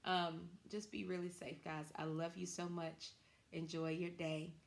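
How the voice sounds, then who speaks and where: Woman, teacher, reading lesson for small children, encouraging, clear drawn-out words, lower voice. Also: little pitch movement.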